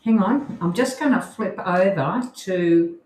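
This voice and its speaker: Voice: mid-range voice, slow pace, darkish tone. A tired podcast co-host in casual chat, thinking aloud and working through screen sharing. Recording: roomy room with faint noise.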